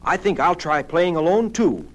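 A man voicing a hopeful male accordion in a children's story, using a thin squeaky falsetto. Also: lively intonation, normal speed. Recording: music playing behind.

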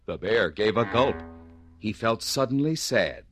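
A man narrating a rhyming storybook in a lively, playful storytelling manner. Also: fairly low pitch, unhurried. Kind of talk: storybook reading in rhyme. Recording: music playing behind.

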